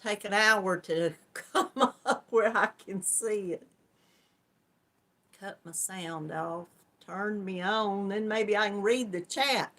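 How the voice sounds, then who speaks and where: Chatty Southern woman, slow and bright. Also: medium pitch. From Georgia, US. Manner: chatty, affectionate, calls viewers hon and darling. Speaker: host greeting live chat viewers. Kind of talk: casual live-stream chat.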